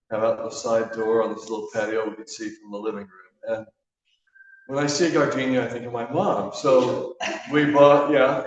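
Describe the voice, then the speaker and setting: A man giving a sermon in a church, telling stories in a relaxed, conversational way with frequent fillers. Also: medium pitch, slight background noise. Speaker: guest speaker. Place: church sanctuary. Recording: echoey church hall from a distance, dull.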